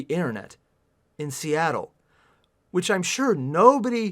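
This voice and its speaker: In an unhurried, sing-song voice that's mid-range and a bit bright, a livestreamer reads a novel aloud and keeps up a sarcastic, exasperated commentary on it. There's frequent swearing, and sighs come often between passages.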